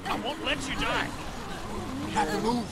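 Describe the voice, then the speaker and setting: An actor playing a desperate middle-aged survivor who pleads and yells in grief, in a video game. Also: male voice, very high-pitched, moderate pace, crowd noise. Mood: frantic grief. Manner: frantic, pleading, yelling.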